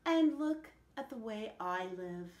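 A woman's voice: on the high side, animated, slow. A woman voicing Mocha, an eager pet dog. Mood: glum. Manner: eager, wistful, breathless when scared. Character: young male pet dog longing to be wild. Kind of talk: storybook read-aloud. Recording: echoey room.

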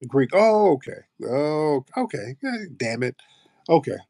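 A man's voice: a little high, sing-song, a little slow, warm tone, no room sound, studio quality. An American man hosting a live audio chat, brash and profane, bantering with callers. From United States. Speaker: host of a live audio space.

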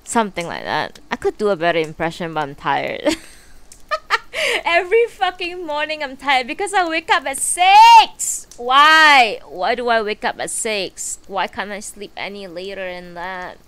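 Slow, rambling woman streamer. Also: mid-range voice, big pitch swings, a bit bright, clear, resonant tone. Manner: rambling and profane, with many fillers. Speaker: live streamer. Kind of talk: casual chat before a book reading. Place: her bedroom, at home.

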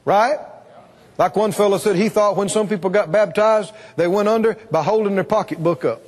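A man's voice: high voice, normal speed, a little mellow, long reverb tail, slight background noise. A man preaching a revival sermon, emphatic and calling on the congregation to answer back. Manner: emphatic, call-and-response with the congregation. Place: church or meeting hall.

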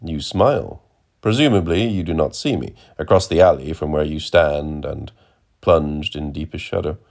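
A man's voice: very deep voice, moderate pace, gravelly, a little mellow. A man doing a florid, irritable traveller. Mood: whimsical. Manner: florid, exasperated. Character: irritable, grandiloquent male traveller.

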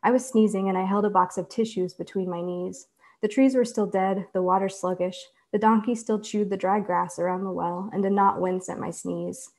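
Woman giving a measured literary reading. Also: medium pitch, fairly even intonation, darkish tone. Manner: measured, deliberate delivery. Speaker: author reading her fiction.

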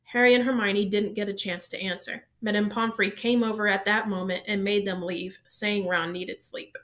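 A woman reading a novel aloud in an even storytelling manner, now and then correcting a slip. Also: medium pitch, normal speed. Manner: even storytelling pace, small self-corrections. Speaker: reader.

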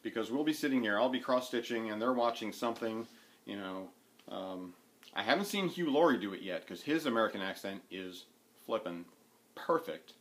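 A man's voice: lowish voice, animated, normal speed. A man vlogging casually about his needlework and other hobbies from home, rambling with plenty of fillers and restarts. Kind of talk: casual rambling chat to camera. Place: at home, sitting indoors.

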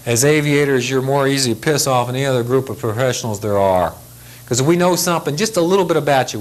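A man's voice: fairly high pitch, a bit bright, low-quality recording. An older man, a retired military aviation safety instructor, giving a blunt, folksy lecture briefing in which he acts out the people he quotes.

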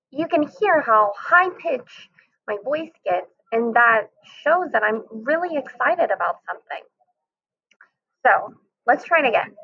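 A woman teacher giving a recorded lesson for children, animated and talking straight to the kids. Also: on the high side, moderate pace, slightly rough. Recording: tinny phone-like audio.

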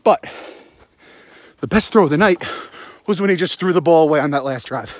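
A man's voice: fairly high pitch, lively intonation, brisk, no echo. A young man, out of breath, ranting and swearing about a football game into his phone while jogging outdoors at night. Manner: rambling, sarcastic, heavy swearing. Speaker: sports podcast host. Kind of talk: profane postgame rant while jogging. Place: outdoors at night, running in the cold.

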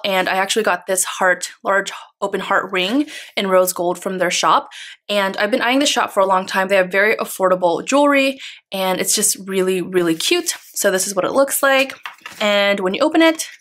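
A woman's voice: mid-range voice, a bit bright. A woman vlogger talking casually through a haul, chatty and gushing with lots of fillers. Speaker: planner vlogger.

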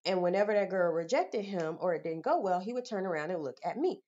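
A woman's voice: on the low side, lively intonation, fast talker, darkish tone. Blunt young woman venting, lo-fi audio. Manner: blunt, exasperated venting with slang. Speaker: vlogger. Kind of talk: candid vlog monologue. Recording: slightly dull lo-fi audio.

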